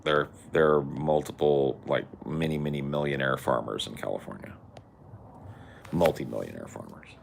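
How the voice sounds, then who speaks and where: A man's voice: a bass voice, moderate pace, vocal fry, background noise. A man co-hosting a podcast in casual chat, crude and joking with frequent swearing. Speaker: podcast co-host.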